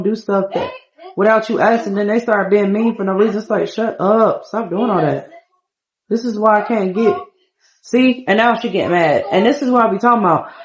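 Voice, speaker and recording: A young woman chats through her gameplay, talking to viewers in a loose, casual way. She tosses in exasperated asides when the game won't behave. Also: mid-range voice. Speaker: game streamer.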